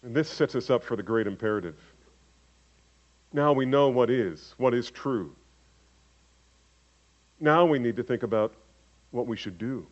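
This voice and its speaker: A man preaching a sermon as pastor, swinging from loud emphatic calls to hushed low asides. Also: measured pace, pauses often. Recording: dull lo-fi sermon recording.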